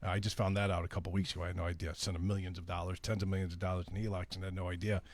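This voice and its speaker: A man's voice: low-pitched, little pitch movement, very fast. A man from Brooklyn hosting a home-improvement radio show, talking bluntly and casually. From Brooklyn, New York. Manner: blunt, brash.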